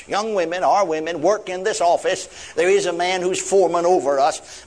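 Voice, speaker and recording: A man's voice: a little high, brisk, hardly any pauses. An older man, preaching a sermon in a folksy storytelling way and acting out the people in his story.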